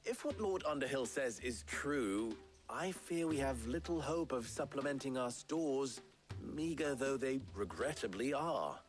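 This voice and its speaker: A man's voice: mid-range voice, lively intonation, a little slow, faint music behind, lightly acted. A man voicing a wry rebel leader. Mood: grave. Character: commanding middle-aged male rebel leader, wry. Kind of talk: video game voice acting.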